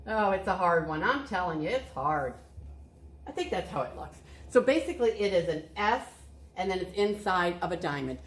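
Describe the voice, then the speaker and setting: A woman's voice: lowish voice, animated, normal speed. A woman art teacher leading a cheerful, step-by-step drawing lesson for children, encouraging them as she goes. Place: art studio. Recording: echoey room.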